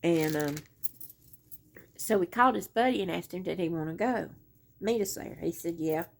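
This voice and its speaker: Low gravelly woman rambling. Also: moderate pace. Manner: rambling storyteller, many "um" and "anyway". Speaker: crochet vlogger. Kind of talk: casual rambling chat.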